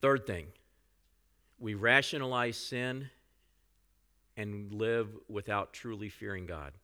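Bright-voiced man preaching a sermon. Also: fairly low pitch, slow pace. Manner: conversational preaching, frequent "you know" asides. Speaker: pastor.

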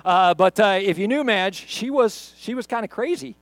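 A man's voice: high voice, normal speed, no room sound. A middle-aged male pastor preaching a sermon for an online video, in a conversational storytelling manner. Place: church recorded on camera.

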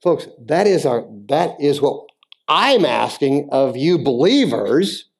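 A male pastor delivers a sermon in a church sanctuary. His voice sits a little high for a man. He shifts between easy, conversational asides and emphatic, almost shouted appeals. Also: lively intonation, takes it slowly, gravelly, husky. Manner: conversational preaching, rising to emphatic near-shouting.

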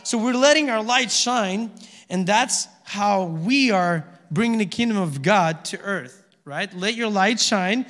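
A man's voice: high-pitched, a bit bright. A pastor giving a conversational sermon, often checking in with his listeners by asking "amen?" and "okay?". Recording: reverberant hall.

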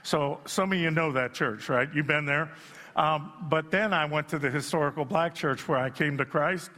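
Middle-aged male pastor, self-deprecating sermon delivery that builds to shouting, slightly high voice, reverberant hall. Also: normal speed. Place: church sanctuary. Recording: long reverb in a church hall.

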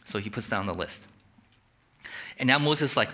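A male pastor giving a conversational, animated sermon and asking the audience questions. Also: on the low side, normal speed.

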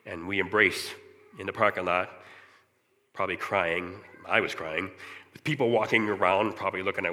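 A man giving an emotional personal recovery testimony, earnest and halting, repeating words when moved. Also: sits low, steady tone, pushed and bright, long reverb tail.

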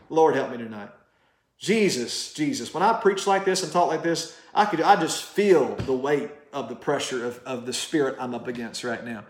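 A man's voice: medium pitch, expressive, moderate pace, reverberant. A man preaching a sermon straight to camera, passionate and direct, firing rhetorical questions at the listener. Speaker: pastor.

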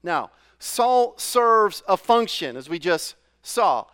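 A man's voice: high-pitched, very animated, slow, a bit bright, smooth. A middle-aged man from New England preaching a sermon in a loose, conversational way, full of fillers and questions to the congregation. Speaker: pastor.

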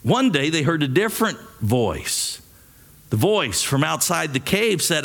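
A man preaching a sermon, reading a story aloud in a slow, dramatic way. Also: fairly high pitch, very animated, a bit bright. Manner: slow, dramatic, acts out quoted voices. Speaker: pastor.

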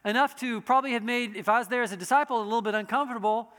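A man's voice: extremely high pitch, very fast, bright, forceful tone, long reverb tail. A man preaching a sermon in a conversational way, with frequent restarts and asides. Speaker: pastor.

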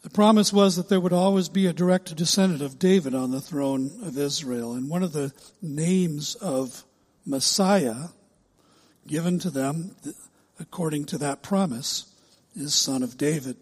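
A pastor preaching a sermon, measured and emphatic, stretching key words slowly for the congregation. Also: male voice, on the high side, darkish tone, breathy edge, in a large hall.

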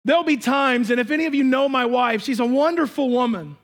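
A male pastor delivers a sermon to his congregation in a church sanctuary. His voice sits unusually high for a man. He pushes some lines out at a shout and then drops to quiet, confiding asides. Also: brisk. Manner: emphatic, swings between shouting and hushed asides.

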